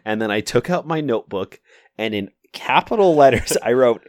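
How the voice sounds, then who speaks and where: A man in a casual film-review chat who restarts his sentences and slows down for emphasis. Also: medium pitch, expressive, darkish tone, no room sound, studio quality.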